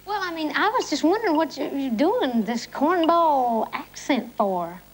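A woman's voice: sits high, animated, a little slow. A woman from Tennessee, hosting a TV comedy sketch with teasing, playful quips. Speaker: host. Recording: hissy, clicky old TV broadcast.

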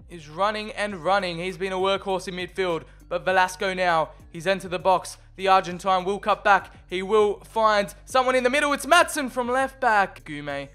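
A young man commentating on his own football video game match, shifting from calm play-by-play to loud excited shouts. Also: sits high. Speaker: gaming video creator. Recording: faint background music.

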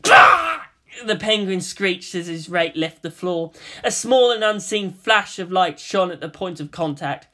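A reader narrating a fan-fiction story aloud with expressive storytelling. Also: mid-range voice, a little slow, few pauses.

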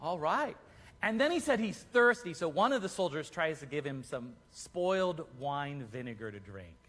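A man narrates a children's Easter play, steering the kids through each scene with playful asides. His voice sits high and swings widely in pitch. A long echo from the church hall trails behind his words. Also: moderate pace. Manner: animated, playful storytelling to children.

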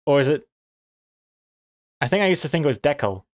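A man's voice: on the high side, brisk. A man streaming as a comic artist, chatting casually while drawing, musing aloud and answering chat with easy chuckles. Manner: chuckles easily, playful pronunciation teasing.

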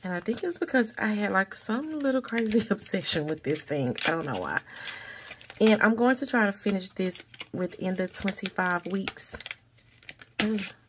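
A woman's voice: mid-range voice, animated, normal speed, noisy background. A woman chatting casually to viewers in a budgeting vlog while counting cash aloud and calling them y'all. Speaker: budgeting vlogger.

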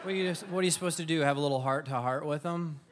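A man's voice: on the high side, racing. Man doing stand-up before a laughing crowd. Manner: playful, sarcastic, acts out voices. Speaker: stand-up comedian. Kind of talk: stand-up comedy set. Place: comedy club stage. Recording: live stage mic, crowd laughter and room noise.

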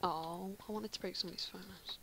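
A woman's voice: lowish voice, steady tone, fast talker, gravelly, bright, forceful tone. An English woman giving casual commentary while playing Minecraft, chatty and often muttering half-whispered asides to herself. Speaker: Minecraft player.

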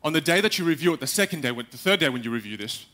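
A young man giving a live talk on stage, animated, acting out little quotes and speaking straight to the audience. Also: a little high, rapid-fire. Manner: animated, acts out quotes, addresses the audience directly.

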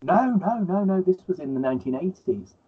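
A man in casual conversation, speaking haltingly and repeating words as he gathers his thoughts. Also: sits high, animated, slightly rough. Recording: tinny phone-like line.

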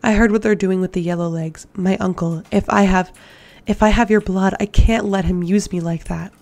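A woman's voice: mid-range voice, steady tone, moderate pace, close to an everyday voice. A woman voicing a timid, pleading young captive. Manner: soft, pleading, near-whisper.

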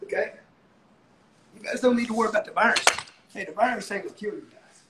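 A man's voice: sits high, fast talker, very noisy. Brash, profane middle-aged man. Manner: brash, profane, repeats and yells for emphasis. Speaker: motivational speaker. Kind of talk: livestream motivational talk.

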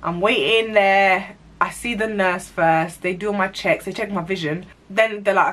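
Young woman in her twenties, storytime vlog at home, animated and slangy, laughs at herself, mid-pitched voice, camera mic. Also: moderate pace, few pauses. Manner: animated, slangy, self-mocking. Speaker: vlogger. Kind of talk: storytime monologue.

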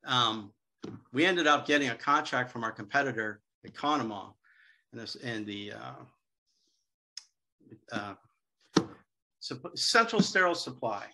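Middle-aged male speaker, ringing forceful tone, animated anecdotal seminar delivery. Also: medium pitch, measured pace, vocal fry, pauses often. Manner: lively storyteller, acts out quoted dialogue. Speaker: guest speaker on hospital sales.

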